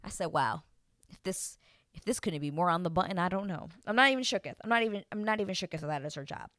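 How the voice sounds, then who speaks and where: Woman host of a reality TV recap, casual and expressive, lower pitch, dry close sound. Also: fast talker, no room sound. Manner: animated, mimics the people she describes. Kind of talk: casual chat.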